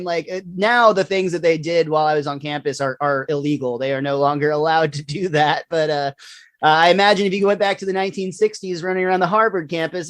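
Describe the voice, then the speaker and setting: A man's voice: on the high side, no echo. A young man hosting a podcast, chatting casually with many fillers and frequent laughs. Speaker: podcast host.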